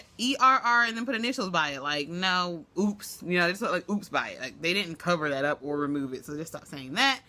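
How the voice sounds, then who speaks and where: A woman giving a sarcastic, gossipy recap of a reality show, full of quick asides and exaggerated reactions. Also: sharp tone. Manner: sassy, sarcastic, rapid asides with big pitch jumps. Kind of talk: casual commentary vlog.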